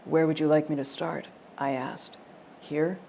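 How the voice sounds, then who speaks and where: A woman voicing a male romance audiobook narrator who reads in a confident alpha-hero American accent, low and hushed. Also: level tone, unhurried, vocal fry, a little hiss or hum. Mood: sultry. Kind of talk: audiobook narration within a novel reading.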